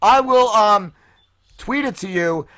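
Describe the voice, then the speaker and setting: A male podcast co-host riffing in rough, profane banter. His voice is bright and forceful, leaping up and down in pitch. He sits a bit high for a man. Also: takes it slowly. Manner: profane, excitable, swears a lot. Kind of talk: casual crude banter.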